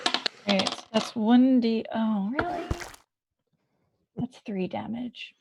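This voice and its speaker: A woman playing a tabletop game, excitable and quick to cheer her own rolls. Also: on the high side, creaky, background noise. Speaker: player.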